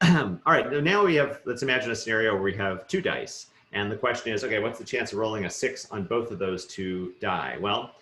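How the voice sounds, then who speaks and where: Middle-aged guy lecturing, quick and chatty, says "right?" a lot, lowish voice in an echoey room. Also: expressive, sharp tone. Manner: quick, conversational, many fillers and rhetorical "right?". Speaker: university genetics lecturer. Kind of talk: recorded lecture.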